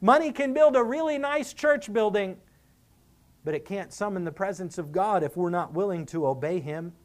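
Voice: medium pitch, normal speed. Earnest preacher reasoning through scripture. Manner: earnest, emphatic, reasoning with the listener; acts out quoted speakers. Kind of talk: expository sermon.

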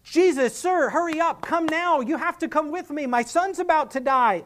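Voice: sits high, normal speed, a bit bright, pitched above the performer's own voice. A preacher voicing a desperate rich father who urgently orders Jesus to come heal his dying son. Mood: urgent, demanding. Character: desperate rich father, middle-aged man, demanding.

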